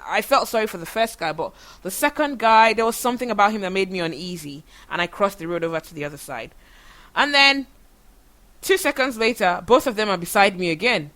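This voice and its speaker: A woman from Nigeria with a Nigerian accent, hosting a show and telling stories in a chatty, animated way full of fillers. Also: medium pitch. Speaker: podcast host. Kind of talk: casual storytelling monologue.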